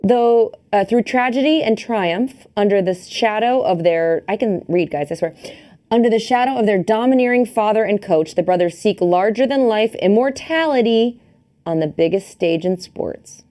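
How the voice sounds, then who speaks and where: A woman's voice: mid-range voice, lively intonation, moderate pace, warm tone. A woman co-hosting a podcast in casual, playful chat, laughing often. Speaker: podcast co-host.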